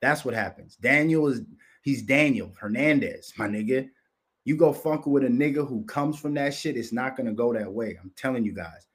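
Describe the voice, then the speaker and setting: A man's voice: mid-range voice, moderate pace. A man hosting a commentary show, talking in a rambling, profane monologue and slipping into mocking voices. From Minnesota, United States.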